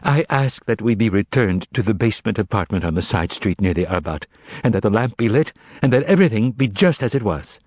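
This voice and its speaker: A man's voice: fairly low pitch, expressive, fairly quick, darkish tone, no room sound. A man voicing an imploring woman in love. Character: devoted, determined woman in love.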